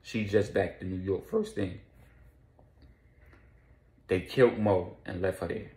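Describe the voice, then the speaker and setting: A man's voice: low-pitched, unhurried, a little mellow, reverberant. A man telling a story casually, with slang, profanity and repetition.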